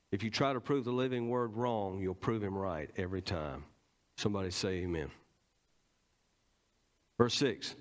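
A man with a Southern American accent preaching a teaching sermon in church, stressing points and quizzing the congregation. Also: mid-range voice. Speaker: pastor.

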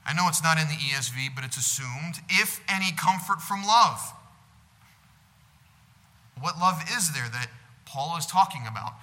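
A man preaching a sermon in a bright, cutting voice that sits a little high for a man. He is earnest, rising to loud peaks and sinking to quiet stretches. The sound rings out with a long hall echo. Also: brisk. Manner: earnest preaching, swells louder on God's love and drops soft on comfort. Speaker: pastor. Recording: echoing hall.

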